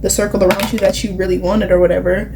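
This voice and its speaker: A woman's voice: medium pitch, flat delivery, fast, background noise. A young woman, rambling and confiding as she chats through her makeup routine, with plenty of "like" and "you know". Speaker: vlogger. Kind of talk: casual chatty vlog while doing makeup.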